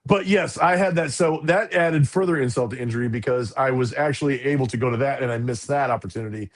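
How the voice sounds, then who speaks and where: Animated middle-aged man telling a story. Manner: animated storyteller, quick pitch jumps. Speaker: podcast co-host. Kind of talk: casual chat.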